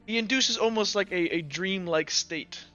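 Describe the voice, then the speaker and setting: A man playing a slow, tired old gardener. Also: high voice, bright, forceful tone, clean tone, voice pushed up. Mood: explaining. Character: weary old male gardener, slow and plain. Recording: dull lo-fi audio with faint music.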